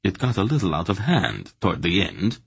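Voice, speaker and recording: A man's voice: sits low, huge pitch swings, brisk, creaky, slightly rough, no room sound, exaggerated voice. Man reading a sardonic sly thief. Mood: wry. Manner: dry, sardonic understatement.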